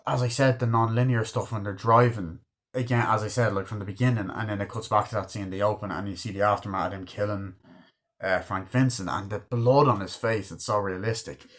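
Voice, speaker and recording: A man giving a casual, excitable movie review, swearing a lot and acting out scenes he loves. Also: on the low side, moderate pace. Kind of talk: casual film review monologue.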